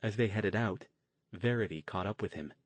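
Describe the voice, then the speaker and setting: A man reading an audiobook as narrator, in steady storytelling. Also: lowish voice, normal speed, dry recording. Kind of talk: scripted narration.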